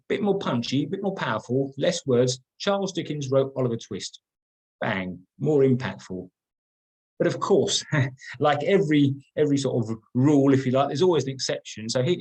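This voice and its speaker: A man's voice: medium pitch, darkish tone, slightly rough, poor audio. A middle-aged man leading an online training workshop, talking conversationally, repeating words and stressing key points. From England.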